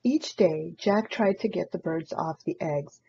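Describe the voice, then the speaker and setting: A woman reading a children's picture book aloud in an expressive storytelling manner. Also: on the low side, a little slow, creaky, breathy edge, highs cut off. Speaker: storybook reader.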